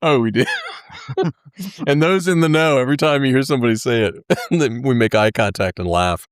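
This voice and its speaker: A man's voice: medium pitch, fast talker, clean tone, dry recording, studio quality. A man from North Carolina, hosting a casual podcast chat and telling old jokes with frequent laughs. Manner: jokey, laughs often, tells old jokes. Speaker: podcast host.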